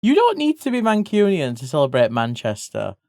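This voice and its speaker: A livestreamer chatting casually with viewers while drawing, swearing freely and breaking into excited yelps. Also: mid-range voice, fairly quick, dry recording, clean studio sound.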